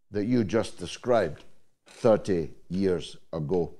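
Older male host, unhurried and deliberate, rhetorical delivery. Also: sits low, lively intonation, a little mellow. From Scotland. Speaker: talk show host. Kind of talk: call-in talk show.

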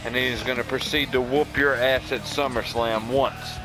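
A man voicing a brash male wrestler who taunts a rival in a loud, boastful way. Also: medium pitch, fairly even intonation, normal speed, over music, close to an everyday voice. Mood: boastful taunting. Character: brash male wrestler hurling trash talk.

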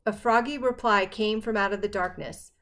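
A woman narrating a first-person novel as an audiobook, in a steady storytelling manner. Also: mid-range voice, moderate pace.

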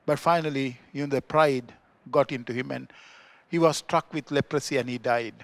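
Sri Lankan pastor preaching with dynamic emphasis. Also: male voice, fairly even intonation, normal speed, gravelly, dry recording. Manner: swings between loud emphatic peaks and quiet low asides. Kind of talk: sermon. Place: church.

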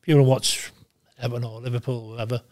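An older man in his sixties, talking bluntly and with lots of swearing in a casual interview, telling animated stories. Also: mid-range voice, rapid-fire, no echo, studio quality. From Wales. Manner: blunt, profane, animated storytelling. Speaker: guest, former goalkeeper.

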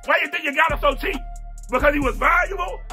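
A man's voice: very high voice, fast, sharp tone, faint music behind. A man hosting a casual sports reaction video, ranting in exasperation and repeating the same phrases over and over.

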